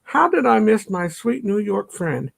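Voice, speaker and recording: A man's voice: sits high, very animated, measured pace. A middle-aged man from the suburbs, chatting casually on a livestream, greeting viewers by name and laughing often, a little stuffy from allergies. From northern suburbs of Chicago. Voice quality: gravelly, husky. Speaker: livestream host. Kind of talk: casual live-stream chat reading comments.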